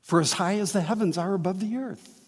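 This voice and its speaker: A man preaching a sermon as a pastor, earnest and emphatic, with slow dramatic pauses. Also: high-pitched, long reverb tail.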